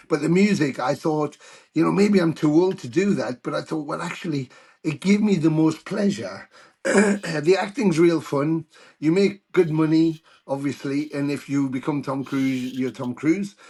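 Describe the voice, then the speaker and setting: A middle-aged British man telling anecdotes in a casual interview, animated when he quotes others. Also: a little high, breathy edge. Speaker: guest musician.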